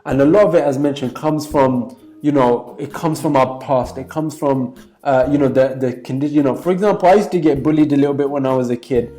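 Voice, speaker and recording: A man's voice: medium pitch, fairly quick, hardly any pauses, dark tone. A man giving an emphatic motivational talk as a business coach, repeating points with many fillers.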